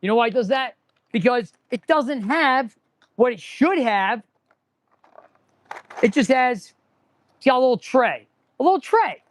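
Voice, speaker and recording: A man's voice: extremely high pitch, animated, a little slow, pauses often. A man who runs a repair shop, hosting a casual live stream. He rambles and rants sarcastically and restarts his sentences often. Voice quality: sarcastic, rambling, talks with his hands on tools. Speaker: auto mechanic and channel host. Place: auto repair shop, indoors.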